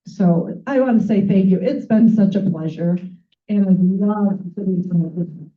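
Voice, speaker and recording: A woman gives a gushing farewell speech, stumbling and restarting as she goes. Her voice sits at an ordinary middle pitch. It reaches the mic from a distance, thin and tinny like a phone line. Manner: emotional, halting, gushing. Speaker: departing nonprofit chapter staff member. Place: event room with audience.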